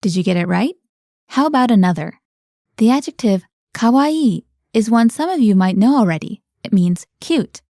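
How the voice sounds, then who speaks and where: A woman hosting a scripted language-lesson podcast, explaining words clearly and prompting her co-host with questions. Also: fairly high pitch, expressive, normal speed, warm tone, no echo, studio quality.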